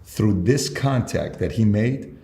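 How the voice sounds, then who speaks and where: Brief: male sales mentor, lower voice, spins animated anecdotes in a roomy space. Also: takes it slowly. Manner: emphatic storyteller, quotes himself in dialogue. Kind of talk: storytelling in conversation.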